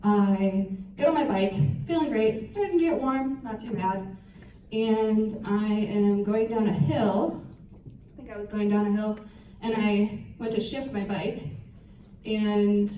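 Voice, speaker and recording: A young woman speaking at a retreat, telling a personal story to an audience in a lively, self-mocking way. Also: mid-range voice, measured pace, slight background noise. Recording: roomy hall, voice picked up from a distance.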